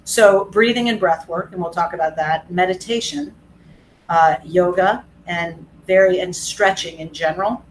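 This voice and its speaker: A woman's voice: lowish voice, moderate pace, slight background noise, poor audio. Chatty woman fitness pro on a video call. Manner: chatty and candid, acts out voices in her stories. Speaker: fitness professional. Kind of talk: casual webinar talk.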